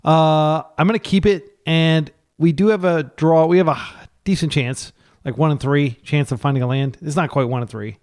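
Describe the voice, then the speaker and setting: Man on the higher side, thinking aloud, live card game commentary, chatty, self-correcting. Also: steady tone, moderate pace, darkish tone. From United States. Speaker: gameplay commentator.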